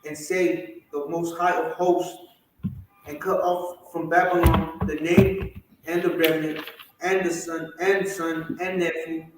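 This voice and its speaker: A man's voice: on the high side, flat delivery, slow. A man reading scripture aloud at a study group, recorded from a distance. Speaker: scripture reader. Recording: echoey room, far from mic, faint noise.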